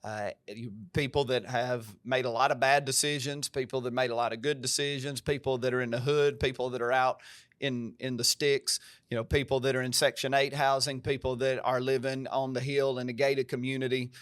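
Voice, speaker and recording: A man's voice: medium pitch, level tone, brisk, a bit bright, clear, resonant tone, dry recording, clean studio sound. A male pastor with an American country twang, talking earnestly and emphatically on a podcast in a preacher-like way. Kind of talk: podcast conversation.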